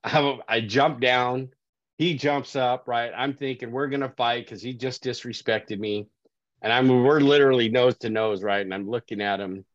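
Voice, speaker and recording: Over dry, lo-fi call audio without echo, a middle-aged sobriety coach shares his life story in a relaxed interview, repeatedly tacking on "right?". His medium-pitched voice holds a steady tone at normal speed.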